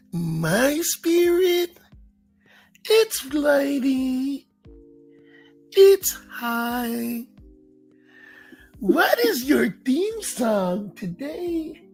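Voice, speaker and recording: A flighty, sing-song greeter with a very high, squeaky voice who stretches every word slowly. He coos and calls out to his citizens, with faint music playing behind him. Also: vocal fry, heavily acted. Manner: drawn-out, sing-song, cooing.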